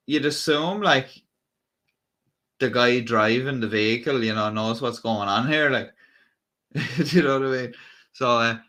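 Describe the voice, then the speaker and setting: A man rambles through live-stream commentary on police footage, stopping and restarting his thoughts with dry, joking asides. His voice is bright and forward, sitting at an ordinary pitch. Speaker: streamer reacting to police clips.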